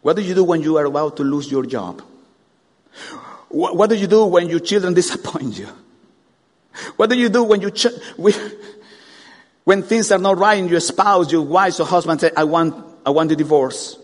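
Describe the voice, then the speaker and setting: A man preaching a sermon, animated, firing rhetorical questions at the congregation. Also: high-pitched, moderate pace, pauses often. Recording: long hall reverb.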